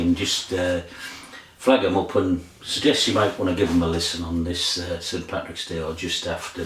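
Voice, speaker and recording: An older man with a low, fairly flat voice rambles chattily through his thoughts, full of little fillers and restarts. He sits some way from the mic in an echoey room with faint ambience behind him. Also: a little hiss or hum. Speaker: record collector vlogger. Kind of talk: casual chat. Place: room in front of a record collection. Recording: roomy sound from a distant mic.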